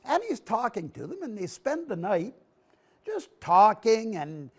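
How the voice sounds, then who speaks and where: Male storyteller, high-pitched and gravelly, performs for children. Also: unhurried. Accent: Canadian English. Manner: animated, acts out scenes with gestures. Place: TV studio. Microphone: broadcast mic.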